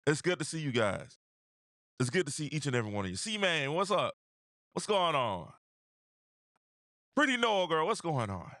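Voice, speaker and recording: A man's voice: high-pitched, bright, forceful tone, no room sound, studio quality. A man hosting a live stream, talking basketball in a loose, slangy way, greeting viewers by name and repeating phrases for emphasis. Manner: casual slangy delivery. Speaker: host. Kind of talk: live stream basketball talk with chat shout-outs.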